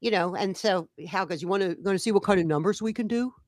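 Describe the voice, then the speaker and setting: A woman's voice: mid-range voice, quick pace, a little mellow, no echo, studio quality. A woman co-hosting a casual chat, telling a story animatedly and acting out the dialogue of the people in it. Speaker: co-host.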